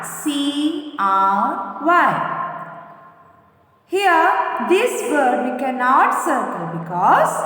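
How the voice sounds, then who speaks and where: Slow, lively Indian English teacher. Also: female voice, high voice. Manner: slow, spells words letter by letter and repeats them. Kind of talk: classroom English lesson. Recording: very echoey room with long reverb.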